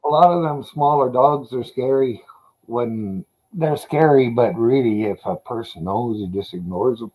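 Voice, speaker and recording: Man, casual storyteller, mellow warm voice, easygoing and profane. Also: medium pitch, a little slow, poor audio. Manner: laid-back, profane storytelling. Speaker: dog owner telling stories. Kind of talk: casual chat.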